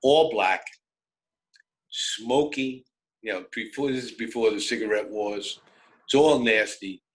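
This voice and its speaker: An older man in his seventies with a New York accent, telling personal stories on the radio in an animated, wry, conversational way. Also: lowish voice, measured pace, long pauses, rough recording. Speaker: radio host. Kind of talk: personal storytelling.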